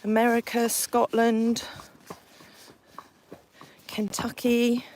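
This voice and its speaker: Riding outdoors on a country lane, this English horse sanctuary owner chats through her livestream, reading off her viewers' locations. She speaks very slowly in a fairly high, darkish voice with a completely flat delivery. The recording is rough, with slight background noise.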